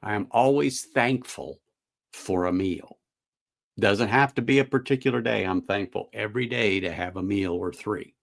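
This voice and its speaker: A man's voice: lowish voice, normal speed, vocal fry. A middle-aged man hosting a casual whiskey livestream, rambling in a folksy way and answering viewers' comments. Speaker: whiskey channel host.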